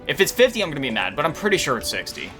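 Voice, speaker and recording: A man's voice: fairly high pitch, huge pitch swings, rapid-fire, pushed and bright. A tired man chatting casually and laughing as he plays through a video game. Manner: chatty, self-deprecating, laughs often. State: tired, yawning. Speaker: gaming YouTuber. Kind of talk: casual let's-play commentary. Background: game music.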